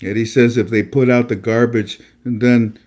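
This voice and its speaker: A man's voice: mid-range voice, flat delivery, normal speed, a little mellow. A man hosting a casual monologue show, talking emphatically and preachily, repeating himself and stammering often. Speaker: host. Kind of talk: casual live-stream monologue.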